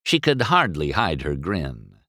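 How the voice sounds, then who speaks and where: A man reading a children's storybook aloud, expressive and deliberate. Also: a bass voice, dry recording, studio quality. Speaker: narrator.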